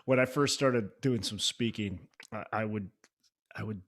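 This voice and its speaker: A man's voice: lowish voice, moderate pace. A man hosting a podcast interview, talking in a conversational way with frequent restarts. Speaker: podcast host. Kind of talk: casual interview talk.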